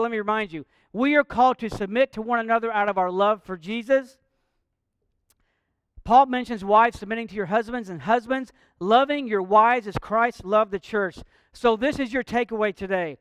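A man's voice: high voice, smooth, no echo. A man preaching a sermon, earnest and direct, mixing light jokes with a call to faith. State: out of breath. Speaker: pastor.

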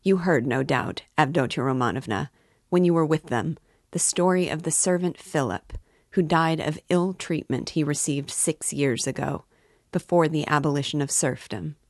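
A woman reading a pompous middle-aged gentleman. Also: sits low, no echo, clean studio sound. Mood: measured. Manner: formal, measured, self-important.

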